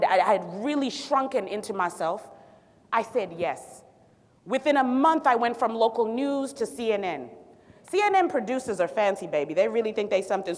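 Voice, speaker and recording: A woman from Zimbabwe, a physician, telling her story in a public talk with sassy, animated asides to the audience. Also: fairly high pitch. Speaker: physician and city health director speaking on stage. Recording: long reverb of a large hall.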